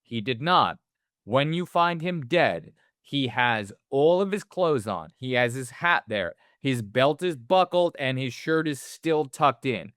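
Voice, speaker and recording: A man's voice: mid-range voice, lively intonation, takes it slowly, fairly bright tone, no echo, clean studio sound. A man co-hosting a movie podcast, talking casually and animatedly, swearing often and acting out characters' lines. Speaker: podcast co-host.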